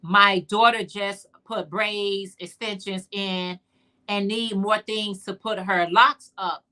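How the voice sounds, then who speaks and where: Woman, livestream host, casual chat, bright tone, playful asides to viewers. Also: medium pitch, fairly even intonation, slow pace. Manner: chatty, playful, talks straight to viewers; sassy, teasing asides.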